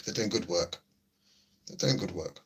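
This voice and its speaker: A middle-aged man with a deep, slightly rough voice talks at a normal speed as he hosts a laid-back livestream. Reading the chat, he answers his viewers in chatty banter and repeats himself frequently.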